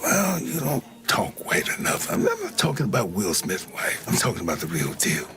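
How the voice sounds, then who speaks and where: An actor playing a streetwise older call-center coworker who gives coaxing advice, heard as a film clip with music behind. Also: male voice, fairly low pitch, wildly swooping pitch, normal speed, fairly bright tone.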